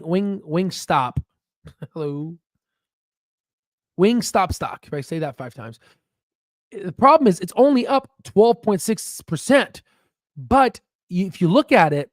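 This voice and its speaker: A man hosting a stock market livestream, talking in excited bursts, laughing often and checking in with "right?". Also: high-pitched, dry recording, clean studio sound. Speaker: stock market channel host. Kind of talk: excited casual livestream commentary.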